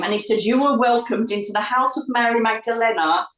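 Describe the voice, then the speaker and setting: A woman with a slightly high voice tells a long personal story as an interview guest. She is lively and chatty, laughs often, and mimics the people she quotes. The sound is roomy, and she sits some way from the microphone. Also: fast, few pauses. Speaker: psychic medium guest. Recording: roomy sound, distant from the mic.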